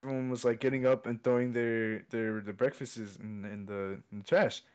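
A man's voice: mid-range voice, steady tone, normal speed, clear, resonant tone. A young man telling a long story in casual chat, rambling and repeating himself. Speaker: podcast co-host. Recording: dull lo-fi sound.

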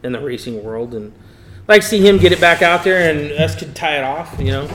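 A man's voice: on the high side, a little fast. Middle-aged guy from norcal telling a wild story, laughs a lot, acts out voices. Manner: animated storyteller, acts out quotes, laughs often. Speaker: interviewee, hot rod racer. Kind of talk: casual storytelling interview.

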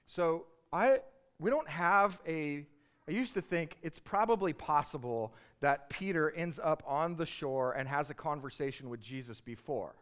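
Animated conversational male preacher. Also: fairly high pitch, moderate pace, clear, resonant tone. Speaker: pastor. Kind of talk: sermon.

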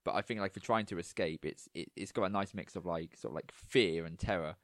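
A man, co-hosting a podcast in a relaxed, rambling chat full of fillers. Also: sits low, brisk, dry recording, studio quality. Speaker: podcast co-host. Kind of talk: casual chat.

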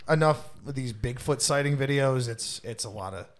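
A man's voice: mid-range voice, moderate pace. A man co-hosting a casual podcast, telling stories loosely and swearing freely. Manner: loose, swearing, animated storytelling. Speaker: podcast co-host.

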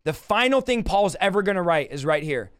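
Emotional high-voiced male preacher. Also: big pitch swings, fairly quick, a bit bright, clear, resonant tone, no room sound. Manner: emotional, exclaiming, near tears. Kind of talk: livestream Bible teaching and prayer.

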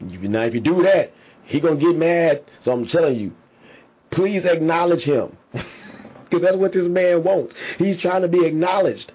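Heated husky man ranting. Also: a little high, moderate pace. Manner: heated, emphatic, swears constantly, laughs between points. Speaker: commentary podcaster. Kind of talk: profane rant to viewers. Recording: slightly dull lo-fi sound.

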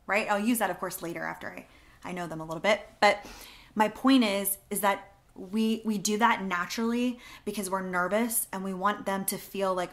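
A woman in her thirties coaching real estate agents in a casual, chatty teaching style, acting out door-knocking lines as she goes. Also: medium pitch.

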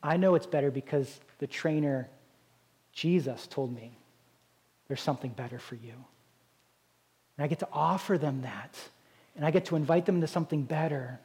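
A man's voice: fairly high pitch, moderate pace, mellow, slightly rough. A man preaching a sermon as a pastor, in a conversational style with frequent rhetorical "right?" asides.

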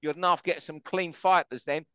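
A man's voice: fairly high pitch, fairly even intonation, moderate pace, bright, forceful tone, smooth, no echo. A man hosting a boxing talk show, giving his views in an emphatic, opinionated way. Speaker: host.

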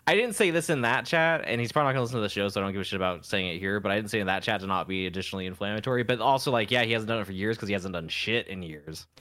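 A young man co-hosting a podcast, talking quickly in an offhand, sarcastic way. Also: on the low side, sharp tone. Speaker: podcast co-host. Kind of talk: casual chat.

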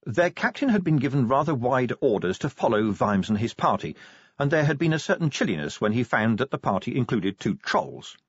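Male audiobook narrator, husky and animated, lo-fi dry sound. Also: medium pitch, fairly quick, dry recording. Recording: dull dry lo-fi recording.

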